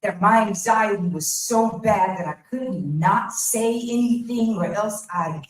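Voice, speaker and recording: A woman performing a raw, profane, confessional spoken-word poem live at a slam, swinging between hushed and loud lines. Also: mid-range voice, a little slow. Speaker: slam poet. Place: indoor theater venue. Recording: echoey venue, voice from a distance.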